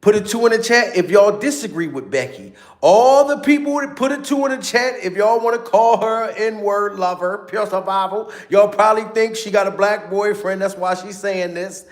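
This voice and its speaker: A man's voice: high-pitched, moderate pace, hardly any pauses. A man hosting a reaction commentary, talking in a repetitive, hyped way straight to his viewers. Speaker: commentary channel host. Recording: echoey room.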